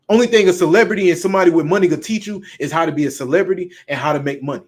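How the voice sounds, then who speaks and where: A man's voice: high voice, very fast, hardly any pauses. A man with a Southern US accent preaching bluntly and emphatically, with frequent profanity. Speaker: street preacher. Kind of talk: preaching talk.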